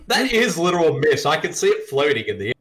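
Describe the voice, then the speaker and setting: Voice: medium pitch, big pitch swings, fast talker, fairly bright tone. A podcast co-host chatting casually during a movie watch, giggling often and slipping into playful bits. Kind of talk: casual movie commentary chat.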